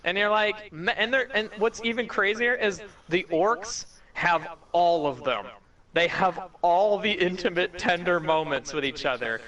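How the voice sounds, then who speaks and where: A young man with a bright, fairly high voice rattles on in a casual podcast chat. He is animated and swears freely, piling up "like" as he goes. His sentences run together in excited bursts. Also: measured pace, muffled recording. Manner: animated, profane, talks in run-on bursts with lots of "like". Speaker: podcast co-host.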